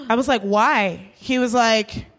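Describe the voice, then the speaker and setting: A young woman casually telling a story, animated and swearing as she acts out the people in it. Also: on the high side, normal speed. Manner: animated, swearing, acts out voices in her stories.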